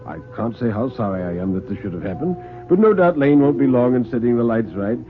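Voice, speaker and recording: A man voicing a cool, scheming older male host who talks in a suave, measured way. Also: medium pitch, sing-song, faint music behind, lightly acted. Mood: smooth. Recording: tinny old radio broadcast.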